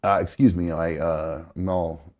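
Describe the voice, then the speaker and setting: A man's voice: low-pitched, fairly even intonation, unhurried, darkish tone. A man hosting a live show, chatting casually about baseball with lots of fillers and restarts, his nose stuffed up. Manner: rambling, many fillers and self-corrections. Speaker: host.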